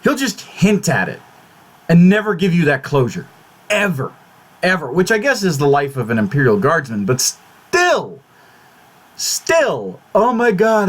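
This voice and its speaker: With a high voice that swings hugely in pitch, a vlogger talks a little slowly in a slightly bright-sounding clip. He hosts his own YouTube channel, fretting and exclaiming, swearing frequently and restarting words when agitated.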